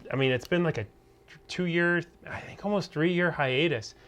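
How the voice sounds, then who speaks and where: A man's voice: fairly high pitch, unhurried, fairly bright tone. A man hosting a casual podcast, giving his opinionated take on a series, often hedging with "I felt like" and restarting his sentences. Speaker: podcast host. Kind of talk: casual podcast review chat.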